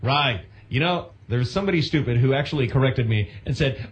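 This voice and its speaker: A man's voice: medium pitch, lively intonation, fairly quick, few pauses. A man co-hosting a radio show in a studio, teasing and playfully repeating words back. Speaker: radio co-host. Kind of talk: casual radio banter.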